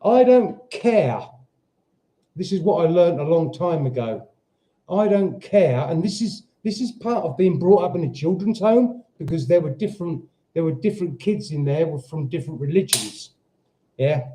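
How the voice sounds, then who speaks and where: A man's voice: a little high, lively intonation, moderate pace, dark tone. A British man hosting a casual livestream from his home, rambling as he reads out viewer comments and stops to talk to his dog. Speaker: livestream host. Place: home in Portugal.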